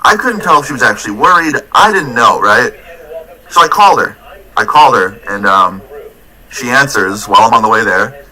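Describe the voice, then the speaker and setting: Young guy, casual swearing storyteller, sharp bright tone. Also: mid-range voice, normal speed, rough recording. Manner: casual, profane, animated retelling. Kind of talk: storytime vlog.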